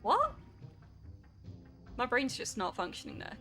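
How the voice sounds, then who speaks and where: Young female streamer, rambling and chatty; bright voice with a gravelly texture. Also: medium pitch, normal speed, faint music behind. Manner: rambling, chatty, filler-heavy. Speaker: game streamer. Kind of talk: casual chat reading stream chat.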